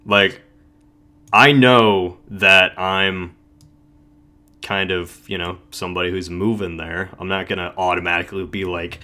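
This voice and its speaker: A low-pitched man with a bright, forceful tone chats casually on a podcast. He rambles, restarts and trails off mid-sentence. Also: fairly even intonation, a little slow. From Ohio. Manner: rambling, self-interrupting, trailing off. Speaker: podcast co-host. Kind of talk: casual live podcast chat.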